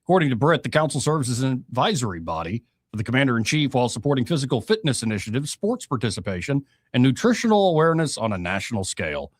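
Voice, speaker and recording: A man's voice: mid-range voice, big pitch swings, fast, few pauses, no echo, clean studio sound. A man, hosting a casual political talk show and cracking blunt jokes between news items. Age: 30s. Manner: wisecracking, blunt, lots of fillers. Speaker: radio talk show host.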